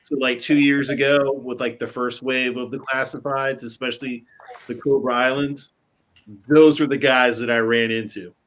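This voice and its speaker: An easygoing man chatting casually on a podcast, using lots of fillers. His voice is mid-pitched and plain. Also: little pitch movement, normal speed, a bit bright, poor audio. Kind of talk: casual chat.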